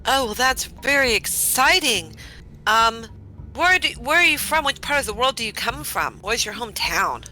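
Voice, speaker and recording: A woman doing a gushing shifty dark elf man. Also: a little high, lively intonation, moderate pace, voice pushed up, low-quality recording. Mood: eager. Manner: eager, gushing, over-friendly. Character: overly cheerful male dark elf, shifty-eyed.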